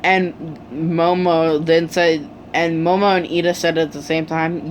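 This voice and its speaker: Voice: mid-range voice, level tone, measured pace, slight background noise. A speaker casually retelling a fan story, rambling with many fillers.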